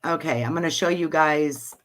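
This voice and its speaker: A woman's voice: low-pitched, normal speed, a bit bright. A woman hosting a casual livestream, chatty and often sidetracked by technical troubles. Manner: chatty, distracted by tech troubles. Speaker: host.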